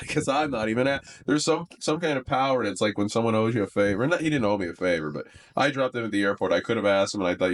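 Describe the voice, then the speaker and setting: A young man with a fairly low voice talks loosely on a podcast. He rambles through self-deprecating bits in a dry, deadpan way. When he muses his voice sinks lower and quieter. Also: quick pace, slight background noise. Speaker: comedian and podcast guest. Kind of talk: casual podcast chat.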